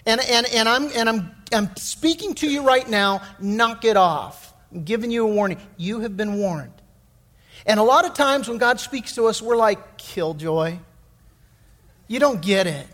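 A middle-aged man preaching a sermon as pastor, telling stories in a folksy, animated way with many restarts. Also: extremely high pitch, normal speed, in a large hall. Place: church sanctuary.

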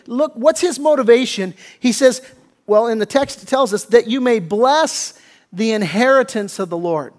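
A man with a high voice delivers a sermon from the pulpit, pressing his points hard and often restarting mid-phrase. He swings from loud emphasis down to a hushed near-whisper in tender moments. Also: expressive, normal speed. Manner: emphatic preaching with many restarts, voicing biblical figures in quotes. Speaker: pastor.

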